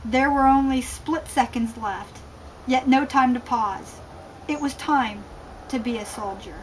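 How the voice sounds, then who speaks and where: A woman reads her own novel aloud in a fairly high voice, calm and steady between passages. Now and then she pauses to talk about the writing. A faint hum of noise sits behind her. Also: low-quality recording. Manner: calm reading with asides about the text.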